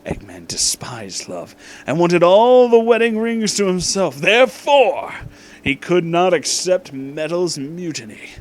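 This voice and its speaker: Man reading a comedy story deadpan. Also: high-pitched, unhurried. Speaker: narrator. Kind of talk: comedic fan-fiction reading.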